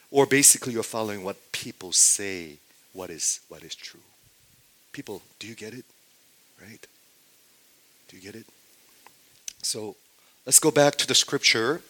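A man preaching a sermon, often asking his congregation questions and swinging between loud declarations and near-hushed asides. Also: lowish voice. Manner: asks the congregation rhetorical questions. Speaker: pastor.

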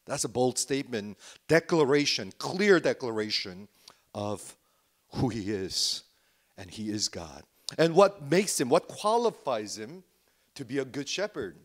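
A man preaching a Sunday sermon as pastor, earnest and deliberate, pausing often with "uh" and repeating words for emphasis. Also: medium pitch, sing-song. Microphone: remote livestream worship.

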